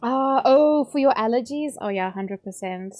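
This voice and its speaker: Her pitch fairly high and her tone somewhat dark, this South African woman chats and rambles animatedly at a moderate pace while streaming a game at home, laughing often. Soft music plays in the background, with no room sound.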